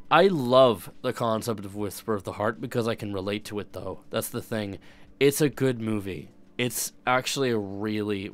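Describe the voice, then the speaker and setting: A man's voice: lowish voice, clean tone. A young man streaming and chatting casually, rambling and swearing, often breaking off and restarting his sentences. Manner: rambling, profane, self-interrupting. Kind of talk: casual chat.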